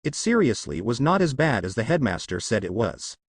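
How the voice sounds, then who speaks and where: Male narrator reading fan fiction aloud, lively pitch, plain delivery, dry close-mic sound. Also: a little fast, slightly rough, no room sound.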